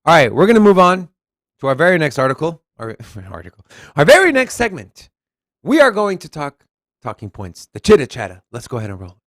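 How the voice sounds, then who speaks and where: This podcast co-host is a man from Texas with a Southern accent and a fairly high-pitched voice, talking a little fast. In an animated, casual crypto news chat, he reads headlines and articles aloud, riffs on them, and swears casually. The recording is dry with a close sound.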